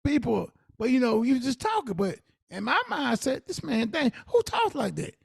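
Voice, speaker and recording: Gravelly, animated middle-aged man podcaster. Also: extremely high pitch, normal speed, no echo, studio quality. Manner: emphatic, animated storytelling with dialect speech. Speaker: podcast co-host. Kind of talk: casual conversational advice.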